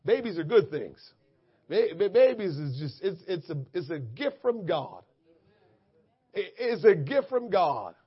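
Husky high-voiced preaching man. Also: very animated, a little slow, dull audio. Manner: conversational preaching building to fervent shouted prayer. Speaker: pastor. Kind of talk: sermon and prayer. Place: church.

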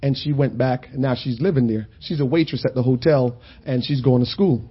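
A man preaching a sermon in a conversational, storytelling way that builds to loud, shouted points. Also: mid-range voice, a little fast, breathy edge, dull audio.

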